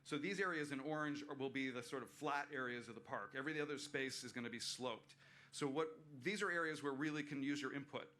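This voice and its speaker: A man's voice: medium pitch, fairly quick, pushed and bright, slight background noise. A man presenting plans at a community meeting, earnest and explanatory, with fillers and restarts. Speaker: park planner presenting. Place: waterfront venue, livestreamed meeting.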